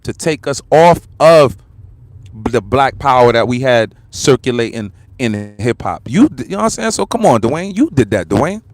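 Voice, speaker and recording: A man's voice: mid-range voice, animated, moderate pace, slight background noise. A man with a New York accent hosting a livestream and ranting bluntly and combatively in street talk. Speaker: livestream host. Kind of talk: heated livestream rant.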